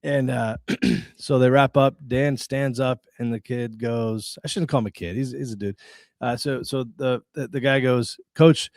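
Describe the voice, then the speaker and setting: A man's voice: mid-range voice, fairly even intonation, normal speed, a little mellow, no echo, studio quality. Chatty man hosting a sports podcast. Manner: chatty storyteller. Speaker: podcast host. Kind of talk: casual sports podcast chat.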